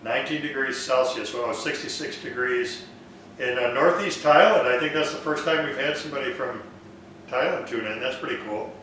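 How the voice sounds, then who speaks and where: A man hosting a woodworking live stream, answering viewer questions in a relaxed way that thinks aloud. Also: mid-range voice, moderate pace, heavy reverb, distant mic, a little hiss or hum, poor audio. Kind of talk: casual live Q&A, reading viewer comments. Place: woodworking shop.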